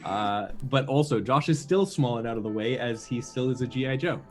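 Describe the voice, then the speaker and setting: A man's voice: medium pitch, brisk. Dry, sarcastic man recapping a game. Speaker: player. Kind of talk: casual chat and game recap.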